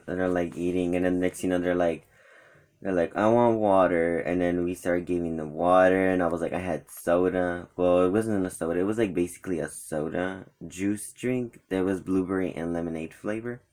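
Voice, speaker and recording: A young man telling a rambling, animated story about a day out with friends in a casual vlog, acting out what his friends said. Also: sits low. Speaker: vlogger.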